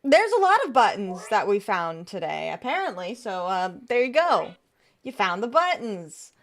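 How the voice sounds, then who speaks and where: A woman's voice: mid-range voice, big pitch swings, normal speed. A woman game streamer chatting in a chatty, upbeat way and reading chat aloud on a live stream.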